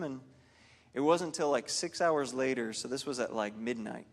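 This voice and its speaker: A man's voice: mid-range voice, normal speed, in a large hall. A man leading a worship team rehearsal, talking casually and telling a story in a loose, rambling way with many fillers and restarts. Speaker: worship leader. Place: church hall during a music rehearsal.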